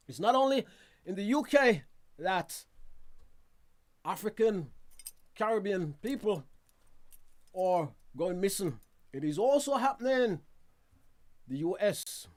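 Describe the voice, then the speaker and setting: A man hosting a casual news roundup from a studio, chatty and quick to laugh at himself, with asides to his viewers. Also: sits high. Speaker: news show host.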